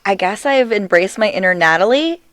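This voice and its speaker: A woman's voice: mid-range voice, moderate pace, no room sound. A middle-aged woman co-hosting a podcast, telling a story in casual chat and laughing often. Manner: giggly, animated storyteller. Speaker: podcast co-host.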